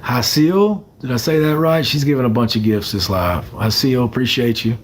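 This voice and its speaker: A man's voice: medium pitch, expressive, a little fast, a little hiss or hum. A young man chatting casually on a phone livestream, rambling and greeting commenters by name.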